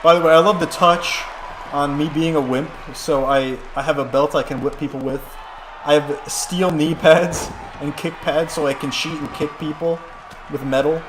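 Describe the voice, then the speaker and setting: A fairly high-voiced man calls a wrestling video game on a live stream in a loose, rambling, jokey way, breaking into excited play-by-play. A clear hum of background noise runs under his voice. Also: normal speed. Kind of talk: casual live-stream commentary.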